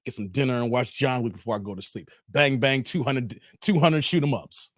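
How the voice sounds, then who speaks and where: A man with a medium-pitched voice speaks briskly on a dry, clean studio recording. He hosts a casual live stream, chatting loosely with viewers, replying to their comments and frequently dropping in "man," while staying brash and defiant toward his critics.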